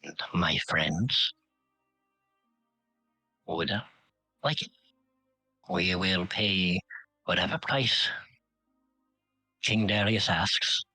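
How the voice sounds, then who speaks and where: A man's voice: sits low, very slow, pauses often, sharp tone, breathy edge, no echo, faint music behind, heavily acted. A man voicing a male pirate who bargains persuasively in a tabletop game. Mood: bargaining.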